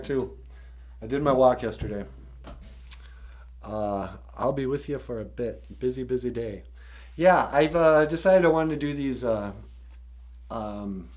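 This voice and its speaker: A man hosting a live stream, casually retelling a story with jokes and lots of fillers. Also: fairly low pitch. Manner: rambling, joking, many fillers.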